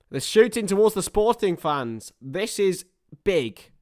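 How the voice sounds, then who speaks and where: A young man hosts a live football watchalong from home, excitable, joking and swearing. His voice sits fairly high for a man, and he reads out viewer chat between bursts of commentary, a little worn after hours live. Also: measured pace. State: tired after a long stream. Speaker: livestream host commentating a football match.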